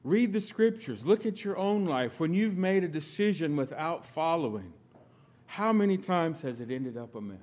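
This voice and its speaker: A middle-aged man from the United States preaching a sermon, telling stories with sudden loud emphatic bursts and quiet asides. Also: fairly high pitch, lively intonation, moderate pace. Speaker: pastor.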